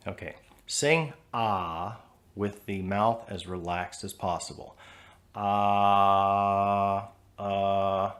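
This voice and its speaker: His voice on the low side and a bit bright, an American man calmly teaches pronunciation. The lesson is explanatory, with patient, measured demonstrations of sounds.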